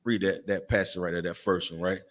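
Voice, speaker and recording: A man's voice: deep voice, steady tone, brisk. A man with a Southern US accent leading a lesson, emphatic and repetitive, calling on others by name. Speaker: teacher leading a street class. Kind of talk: preaching lesson with asides.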